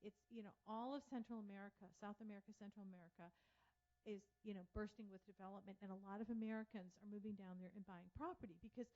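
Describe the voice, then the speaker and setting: A woman's voice: mid-range voice, fast talker. A woman giving a casual talk to an audience, telling anecdotes in a chatty way and acting out what others said. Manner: chatty storyteller, animated quoting of others. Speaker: speaker at a public talk. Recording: dull lo-fi sound.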